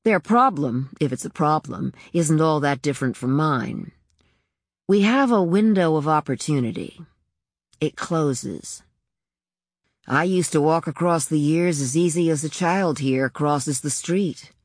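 A woman reading scripted narration in a slow, measured, reflective way. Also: low voice, animated, no room sound, studio quality. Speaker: audiobook narrator.

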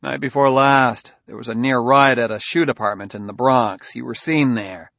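A man voicing a shrewd male detective who presses a suspect in a firm, measured, needling way. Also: medium pitch, gravelly, a bit bright, no room sound. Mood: probing.

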